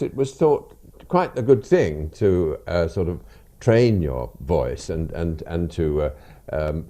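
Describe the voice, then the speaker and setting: A man's voice: low-pitched, warm tone. An older man from England chatting as a guest in a radio interview, often hesitating and repeating words.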